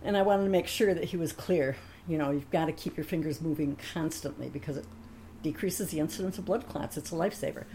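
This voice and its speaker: A woman's voice: lowish voice, warm tone, a little hiss or hum. A woman telling a personal anecdote in a chatty way, laughing often and acting out the other people in her story.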